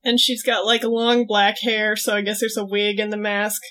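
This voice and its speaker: A woman co-hosting a podcast, casually retelling a comic plot and acting out quick quoted lines. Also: mid-range voice, level tone, pushed and bright. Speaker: podcast co-host. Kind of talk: casual chat.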